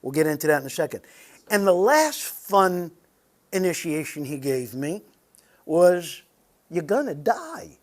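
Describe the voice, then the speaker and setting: A man's voice: on the high side, expressive, a little slow. A man giving a conversational sermon to a men's group, earnest and personal, speaking straight to the people in the room. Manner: earnest, personal, addresses the audience directly. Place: meeting room with a live audience.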